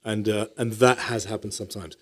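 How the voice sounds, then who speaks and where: A man's voice: fairly low pitch, steady tone, brisk. A middle-aged man from Morocco, a guest actor in a casual podcast interview, talking thoughtfully and often restarting his sentences. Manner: thoughtful, many restarts and repeated words.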